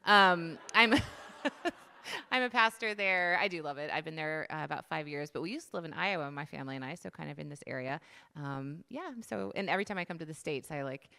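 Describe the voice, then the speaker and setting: Give a bubbly woman pastor from New Jersey a low, gravelly voice with a bright, forceful edge, and let her talk in quick, apologetic bursts.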